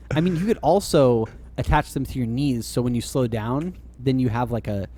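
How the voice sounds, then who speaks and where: A man's voice: mid-range voice, normal speed, background noise. A man co-hosting a podcast, chatting casually in a rambling way, with lots of "like" and frequent laughter. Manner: rambling, heavy use of "like", laughs often. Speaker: podcast co-host. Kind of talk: casual chat.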